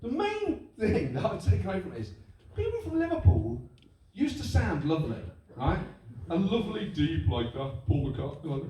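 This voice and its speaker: Animated stand-up comedian. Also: male voice, sits high, moderate pace, noisy background. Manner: animated, mimics voices and accents for laughs. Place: live venue with audience. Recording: echoey live room, mic heard from a distance.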